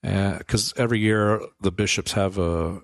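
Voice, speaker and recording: A man, a priest, telling stories from his life in a relaxed radio interview, laughing often and acting out the voices of people he quotes. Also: deep voice, normal speed, vocal fry, no room sound, studio quality. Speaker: priest guest. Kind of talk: casual storytelling interview.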